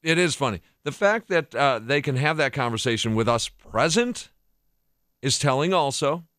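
A relaxed man hosting a podcast who rambles and restarts his sentences. His pitch moves around freely as he talks. The recording is dry and close. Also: moderate pace, no room sound. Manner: laid-back, rambling with restarts. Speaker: podcast host. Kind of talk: casual chat.

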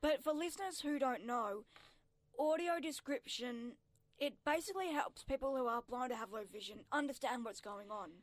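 Woman guest, a touch higher voice, earnest, dry booth sound. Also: moderate pace, dry recording. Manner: earnest, explains plainly. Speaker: radio show guest. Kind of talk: casual radio chat. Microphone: studio microphone.

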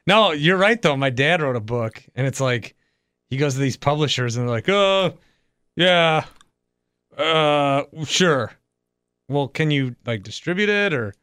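A man's voice: mid-range voice, animated, fairly bright tone, no room sound, studio quality. A man from Wisconsin hosting a casual podcast chat, wisecracking and poking fun at himself. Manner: wisecracking and self-mocking, quick asides. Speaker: podcast host.

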